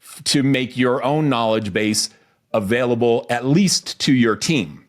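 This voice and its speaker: A man co-hosting a podcast, talking casually and energetically in quick bursts with restarts. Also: medium pitch. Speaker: podcast co-host.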